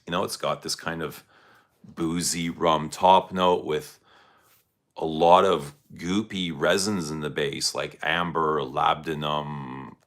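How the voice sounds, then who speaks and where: A man's voice: extremely low pitch, fairly even intonation, slow pace, a bit bright. A man hosting a casual fragrance livestream, rambling loosely and reacting to viewer comments. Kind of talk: casual livestream chat answering chat.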